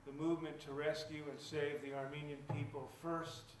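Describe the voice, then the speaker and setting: A man's voice: fairly high pitch, level tone, moderate pace, slight background noise. Man lecturing in an echoey hall from afar. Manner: earnest and emphatic, often repeating words as he restarts. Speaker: guest lecturer and author. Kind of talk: public lecture to an audience. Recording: echoey hall picked up from a distance.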